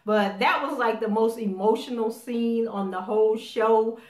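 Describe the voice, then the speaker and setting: A woman giving a casual spoken recap of a TV episode, animated as she acts out the characters' lines. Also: a little high, unhurried. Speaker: TV show recapper. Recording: roomy echo.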